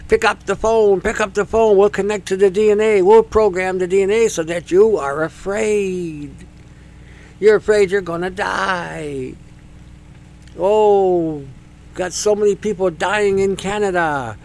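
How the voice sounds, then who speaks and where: A man's voice: sits high, a little slow, darkish tone. A man voicing a sneering male fearmonger who taunts in a mocking singsong. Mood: taunting.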